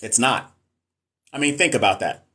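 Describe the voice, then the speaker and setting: A man's voice: mid-range voice, moderate pace, pushed and bright. A middle-aged man, a nurse and NCLEX coach, chatting casually on a live stream and answering viewer comments in a frank, emphatic way.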